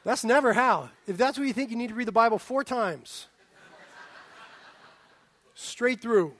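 Animated high-voiced male preacher. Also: unhurried. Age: young adult. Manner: animated, swings from loud exclaiming to hushed near-whisper. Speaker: pastor. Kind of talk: sermon.

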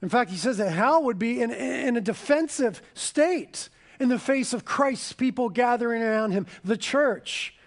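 A man with a high voice preaches a sermon. He swings from ringing, loud proclamations down to hushed, intense passages. He slows right down to stress the key phrases. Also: lively intonation. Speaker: pastor.

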